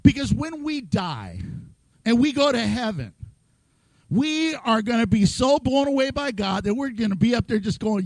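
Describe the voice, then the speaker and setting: A man's voice: extremely high pitch, sing-song, a little slow, a little mellow, no room sound, poor audio. A man preaching a sermon in a playful way, acting out voices and laughing often. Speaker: pastor.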